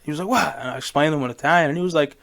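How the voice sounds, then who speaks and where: A man's voice: fairly high pitch, gravelly, a bit bright. A man co-hosting a podcast in casual chat, slangy and loose, often tossing in "bro" and "man". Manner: fast, slangy, peppers talk with "bro" and "man". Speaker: podcast co-host.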